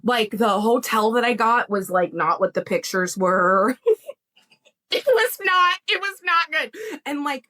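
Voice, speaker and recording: A young adult woman, a psychic medium and podcast guest, telling a story in casual chat, animated and laughing, acting out the voices of others. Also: on the high side, a little slow.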